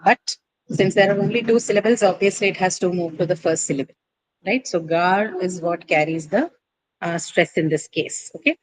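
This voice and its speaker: A woman's voice: fairly low pitch, normal speed, poor audio. Woman teacher, patient classroom explanation full of fillers. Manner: patient, explanatory, many fillers like uh and you know. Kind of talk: classroom lesson on word stress.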